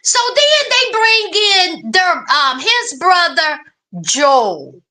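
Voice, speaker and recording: A young woman hosting a casual reality-TV recap, sassy and animated, calling people "child" and "honey". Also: extremely high pitch, extremely slow. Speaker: recap host.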